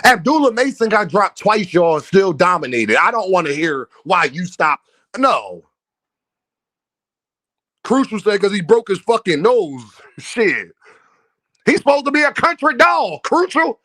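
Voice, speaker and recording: Brash, high, animated male stream host. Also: a little slow, dry recording, clean studio sound. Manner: brash, profane, mocking, teasing. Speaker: boxing livestream host. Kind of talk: heated livestream rant at viewers.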